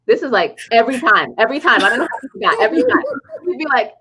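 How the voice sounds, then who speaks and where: A woman co-hosting a book club livestream, telling stories in a lively, laughing way. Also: on the high side, fast talker, husky. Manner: animated storyteller, laughs while telling. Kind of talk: casual livestream chat. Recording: dull lo-fi stream audio.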